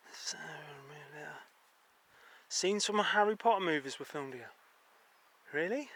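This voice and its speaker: A man's voice: a little high, pushed and bright, poor audio. A man vlogging while he hikes in the countryside, chatty and joking, talking to the animals he passes. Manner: jokey, chatty, talks to animals. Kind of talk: casual vlog commentary while hiking. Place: outdoors in the countryside near a stream and waterfall. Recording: outdoor recording with rushing water noise.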